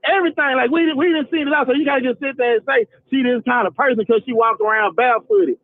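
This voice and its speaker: A man's voice: extremely high pitch, quick pace, dry recording. A man calling in to a livestream, talking emphatically with lots of stumbling restarts. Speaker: caller. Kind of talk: phone call-in. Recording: tinny phone line.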